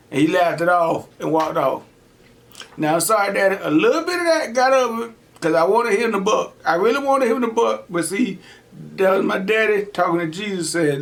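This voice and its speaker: A man's voice: sits high, moderate pace, gravelly. A man hosting a mukbang, casually telling stories while he eats and acting out the people he quotes, in slangy, laid-back street talk. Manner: animated, emphatic, acts out the people he quotes. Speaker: mukbang host. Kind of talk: casual storytelling while eating on camera.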